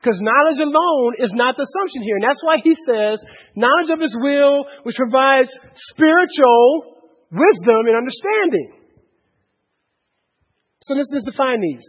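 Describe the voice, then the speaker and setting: A man preaching with a strikingly high, husky voice, pressing his listeners with urgent questions before dropping to a hush. His sermon rings out through a large hall with a long echo. The recording sounds dull and muffled. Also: animated, measured pace. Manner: impassioned, swinging from loud urgent questions to hushed lows. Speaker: pastor.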